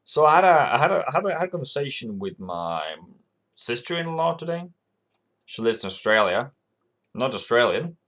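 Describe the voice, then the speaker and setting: A man's voice: mid-range voice, big pitch swings, moderate pace, fairly bright tone. Chatty man hosting a trading livestream. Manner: chatty, answers viewers by name, laughs often. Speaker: forex trading livestream host. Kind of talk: casual live-stream chat.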